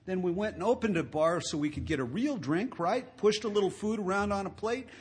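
A man speaking to an audience about his drinking, telling wry stories in a conversational way that swells to loud emphasis. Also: high voice, expressive, brisk, husky. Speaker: recovery speaker. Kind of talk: storytelling talk to an audience.

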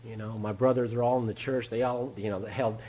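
Guy sharing his sobriety story, husky, laughs a lot, talks straight. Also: fairly low pitch, fairly even intonation, brisk, mellow, lo-fi sound. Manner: candid, storytelling, chuckles often. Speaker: recovery meeting speaker. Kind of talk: personal testimony talk.

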